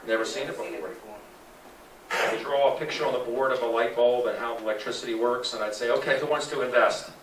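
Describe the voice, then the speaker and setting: A man giving an animated sales presentation to a live audience, asking the room questions. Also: mid-range voice, fairly quick, slight background noise. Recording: echoey room from a distance.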